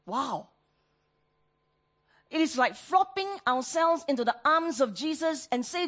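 Woman preacher, high-pitched, delivers the sermon with fervent, pleading intensity. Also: animated, normal speed. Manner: impassioned, rises high and loud when voicing prayers.

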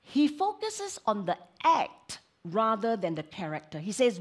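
Woman preacher, expressive sermon delivery, fairly high voice, lively rises and drops. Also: a little slow. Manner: expressive, swinging between emphatic and hushed. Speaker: preacher and counselor.

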